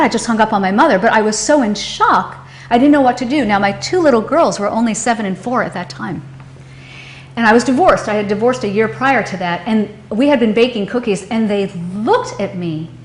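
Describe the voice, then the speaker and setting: A woman with a fairly high voice tells a painful story from her own life. She speaks haltingly, with emotion, often breaking off and starting her sentences again. Her voice carries a noticeable echo from the room. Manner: halting, emotional, with many restarts. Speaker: storyteller recounting a personal loss. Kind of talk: personal testimony. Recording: roomy echo.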